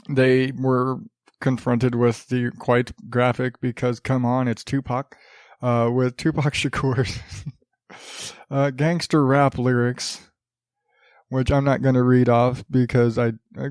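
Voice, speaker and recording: A man's voice: mid-range voice, a little mellow, no room sound, clean studio sound. A man hosting his own podcast, rambling and sarcastic, restarting sentences and chuckling as he mocks the news. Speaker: podcast host. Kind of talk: casual solo podcast monologue. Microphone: studio podcast mic.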